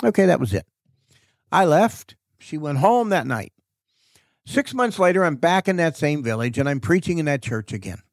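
A man who preaches, telling a story in a casual interview and acting out the dialogue with lively rises in his voice. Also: fairly high pitch, normal speed, dry recording. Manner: animated storyteller, acts out quoted dialogue. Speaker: preacher and author guest.

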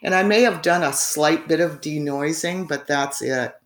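Low-voiced woman rambling through a story, lots of ums, echoey room. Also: moderate pace. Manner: rambling, frequent fillers and laughs. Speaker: guest. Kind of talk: casual storytelling in conversation.

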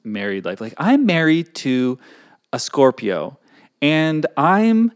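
A young man co-hosting a podcast in casual chat, joking and playful, sometimes dropping to quiet asides. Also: fairly high pitch, sing-song, slow pace, clear, resonant tone. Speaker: podcast co-host.

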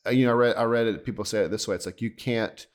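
A man talking things through on a podcast in an earnest, explaining way, with a lowish voice. He speaks as a pastor in a relaxed conversation. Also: fast. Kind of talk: casual podcast discussion.

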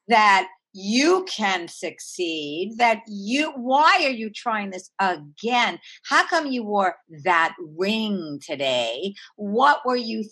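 A woman voicing a nagging female inner critic who scolds in a slow, condescending way. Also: mid-range voice, sing-song, fairly bright tone, husky, exaggerated voice. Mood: scolding.

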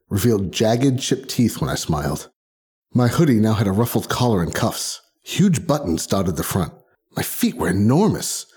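A podcast narrator with a fairly low, warm, breathy-edged voice reads a short first-person story as audiobook narration. He reads expressively and gives each character their own voice.

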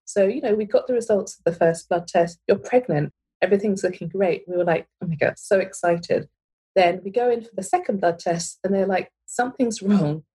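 Husky woman in her 30s, interview guest, candid story, lots of "you know" and restarts. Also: mid-range voice, a little fast, dark tone, rough recording. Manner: candid, with many fillers and restarts. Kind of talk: personal story in conversation.

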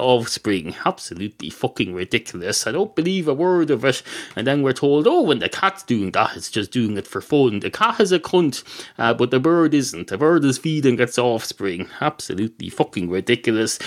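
An Irish man hosting a podcast, delivering a rambling, profane, deadpan comedic monologue. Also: mid-range voice. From Ireland. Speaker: podcast host.

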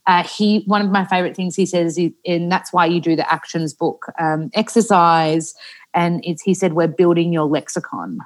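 An Australian woman in her thirties, talking as a podcast guest. Her voice sits a little low, and she chats loosely, acting out other people's lines and dropping plenty of "like" fillers. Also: steady tone, moderate pace. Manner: chatty storyteller, acts out quotes, many "like" fillers. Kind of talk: casual podcast chat.

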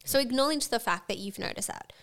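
A woman's voice: fairly high pitch, quick pace, fairly bright tone. A woman co-hosting a casual podcast chat, speaking frankly and swearing casually. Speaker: co-host.

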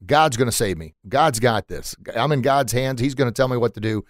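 A man's voice: mid-range voice, fairly quick, no room sound, studio quality, close to an everyday voice. A man voicing a stubborn man caught in a flood, insistently refusing rescue while he waits on God.

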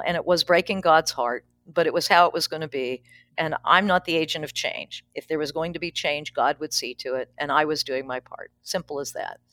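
A woman's voice: deep voice, fairly bright tone, no echo, clean studio sound. A middle-aged woman, a pastor, candidly telling a personal story in an interview, frank and plainspoken with wry humor. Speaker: pastor, guest.

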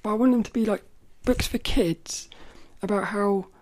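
A woman hosting a casual solo podcast, chatting playfully with many restarts and sometimes reading aloud from a children's book. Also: medium pitch. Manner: chatty and playful, with frequent self-corrections; reads quoted passages louder and slower. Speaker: podcast host.

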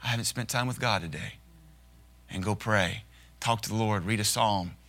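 A male pastor preaching a sermon in a folksy, humorous way, slipping into quick acted asides. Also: lowish voice, a bit bright.

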